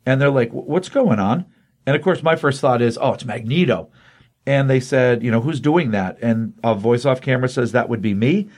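A man's voice: medium pitch, brisk, few pauses. A man casually recapping a comic book issue, quoting the characters in his own plain voice with lots of ums. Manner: retells scenes quoting characters in a flat voice, many ums.

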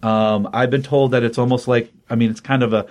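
An older man talks through a comic book story in a loose, rambling way, with plenty of fillers along the way. His voice sits at a middling pitch, and he sounds earnest and open about his feelings. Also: fairly even intonation, brisk, darkish tone. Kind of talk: casual comic book review.

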